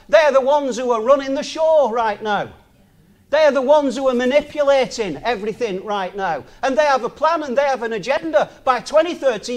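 A man, talking in an informal sermon, chatty, laughing often and asking the listener rhetorical questions. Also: extremely high pitch. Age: 60s.

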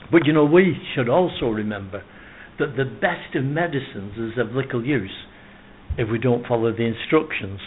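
An earnest male preacher delivers a sermon at an ordinary pitch, quoting scripture at length and hammering home his points. The sound is narrow and tinny, like a phone line. A faint noise runs underneath. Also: lively intonation, moderate pace.

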